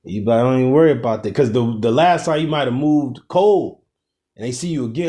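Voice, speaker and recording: A man's voice: medium pitch, a little fast. A man casually leading a scripture study, explaining verses with slang and profanity. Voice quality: profane, slangy, animated commentary. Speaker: bible study leader. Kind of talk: casual bible study discussion.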